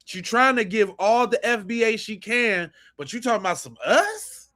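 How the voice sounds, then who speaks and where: A man hosting a live podcast, reacting to clips with loud mocking outbursts and slangy banter. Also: high voice, very animated. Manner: quiet rapid aside to viewers. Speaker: podcast host. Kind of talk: live-stream reaction commentary.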